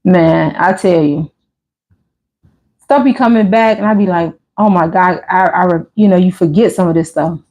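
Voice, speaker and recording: A woman with a fairly low voice speaks at a normal speed while hosting a livestream. She chats casually, reads comments as they come in and tells stories with spirited voiced asides.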